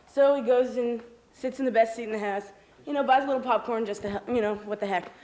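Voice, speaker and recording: High-voiced woman acting out a long joke. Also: quick pace, darkish tone, poor audio. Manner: acts out characters with big jumps in pitch. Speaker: stranger telling a joke. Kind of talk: animated joke telling. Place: outdoors on a city street. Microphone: camcorder microphone.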